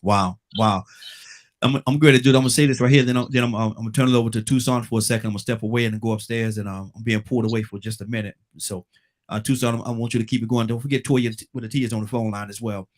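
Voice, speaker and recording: An older man hosting a call-in radio talk show, speaking earnestly, repeating words and dropping his voice low and calm to make a point. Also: quick pace.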